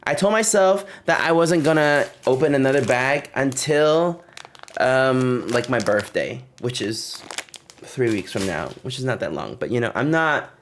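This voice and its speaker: A chatty young man talking to his stream audience in an easygoing, rambling way, sprinkling in fillers and breaking into giggles often. His voice sits at an ordinary middle pitch for a man. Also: expressive, unhurried, slight background noise. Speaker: livestreamer. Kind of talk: casual livestream chat.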